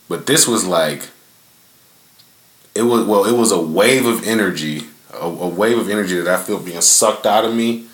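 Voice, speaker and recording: A man's voice: low-pitched, a bit bright, echoey room. A young man hosting a podcast, telling a story in a loose, profane, rambling way from his front yard. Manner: laid-back, profane, rambling with many fillers. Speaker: podcast host. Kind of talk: casual storytelling.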